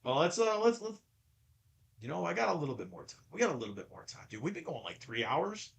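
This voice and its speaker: A man's voice: on the high side, very animated, quick pace, gravelly. A man hosting a podcast in casual chat, rambling and often stammering over repeated words. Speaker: podcast host.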